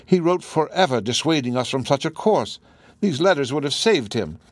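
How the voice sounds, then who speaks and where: A man's voice: mid-range voice, expressive, moderate pace, no echo, voice pushed up, close to an everyday voice. A man reading the lines of a proud, desperate Russian woman, in an impassioned, accusing manner. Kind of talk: audiobook dialogue reading.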